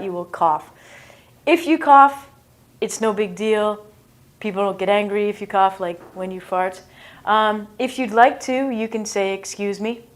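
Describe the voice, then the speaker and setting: Slow, playful woman teaching English. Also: medium pitch. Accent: British or American English. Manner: playful, self-mocking, acts out sounds. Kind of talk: casual English slang lesson.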